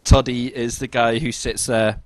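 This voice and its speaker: A man's voice: normal speed, no echo. Man, podcast co-host, casual storytelling, dry close sound. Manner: animated, jumps into high-pitched quoted voices.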